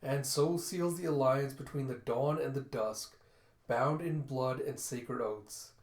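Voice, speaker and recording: A solemn wolf goddess, as a man reads her, intoning vows slowly and ceremonially. The delivery is unhurried and steady, with echo from the room. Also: mid-range voice, close to an everyday voice. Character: solemn wolf goddess presiding over a ritual.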